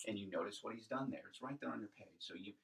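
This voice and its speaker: Husky-voiced man teaching in a chatty way. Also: lowish voice, racing. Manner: chatty, restarts sentences often, many ums. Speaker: Greek grammar teacher. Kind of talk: informal classroom lecture.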